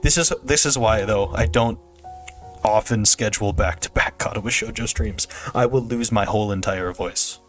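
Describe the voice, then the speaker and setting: A man's voice: on the low side, normal speed, fairly bright tone, soft background music. A young man chatting casually on a game stream, rambling and joking with frequent laughter. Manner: rambling, jokey, laughs often. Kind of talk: casual gameplay stream chat.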